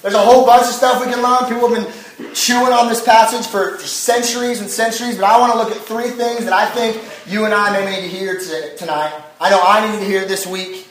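Young man, casual youth sermon, high voice, far from mic, booming echo. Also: fairly quick. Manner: animated storytelling with filler words. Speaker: youth pastor. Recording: echoey hall, voice from a distance.

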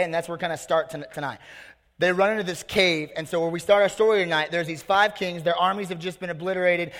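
A man delivers a youth sermon in a casual, slangy and energetic way. His voice sits a little high. The sound carries a long reverb from a large hall. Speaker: youth pastor.

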